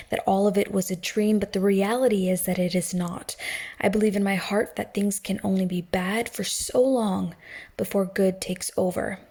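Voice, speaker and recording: Slow, gravelly-voiced woman hosting a chatty show. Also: medium pitch, a little mellow. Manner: chatty and self-deprecating. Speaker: host of a morning radio-style show. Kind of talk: casual solo show monologue.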